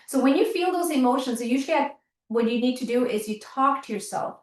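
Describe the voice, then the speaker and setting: Brief: higher-voiced woman workshop leader, earnest and repetitive, mic set back in an echoey room. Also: lively intonation, a little fast. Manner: earnest, repetitive, checks in with listeners. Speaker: chiropractor leading a workshop. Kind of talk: workshop teaching talk. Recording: roomy sound, mic at a distance.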